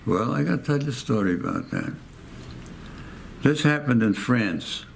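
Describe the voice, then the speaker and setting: A man's voice: mid-range voice, wildly swooping pitch, moderate pace, creaky, slight background noise. A man, telling a war story in a rambling oral-history interview and repeating his phrases. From United States. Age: 90s. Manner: rambling, repeats phrases, acts out quoted voices.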